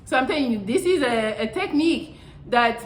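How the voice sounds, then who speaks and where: A woman's voice: sits high, animated, moderate pace. A woman hosting her channel, giving blunt, profane relationship advice in a casual monologue with mocking impressions. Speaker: channel host. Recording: echoey room.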